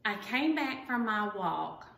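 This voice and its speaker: Middle-aged woman, rambling cross-stitch vlogger, sharp bright tone, roomy echo. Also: a little high, sing-song, slow, vocal fry. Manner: rambling, chatty, self-deprecating. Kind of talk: casual chat to viewers. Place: at home. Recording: echoey room.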